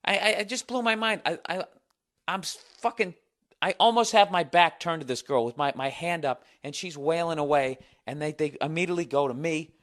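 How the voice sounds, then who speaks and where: A man hosting a podcast, telling a story in a comedic monologue, profane and animated as he rants. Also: fairly high pitch. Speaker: podcast host.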